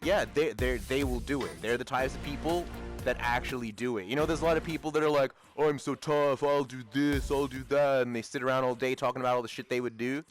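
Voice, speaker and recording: A man's voice: medium pitch, fast, hardly any pauses, soft background music. A young man chatting casually while gaming, rambling through a story with frequent swearing and laughter. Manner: rambling, profane, laughs often. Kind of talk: casual chat.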